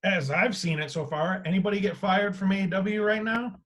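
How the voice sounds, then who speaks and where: A man hosting a casual podcast, talking in an animated way with free swearing, his voice swinging between loud and quiet. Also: sits high, brisk. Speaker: podcast host.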